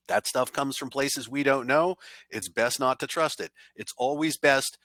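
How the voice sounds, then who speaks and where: A man's voice: medium pitch, a little slow, fairly bright tone, no echo. A man presenting a cybersecurity awareness training in a conversational style, giving blunt, emphatic warnings.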